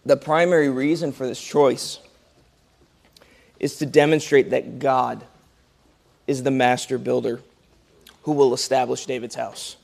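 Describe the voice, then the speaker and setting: A man's voice: mid-range voice, fairly even intonation, unhurried, pauses often, darkish tone. Man teaching a Bible class. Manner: checks in often with "okay?" and "right?"; clears throat now and then. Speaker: Sunday school teacher.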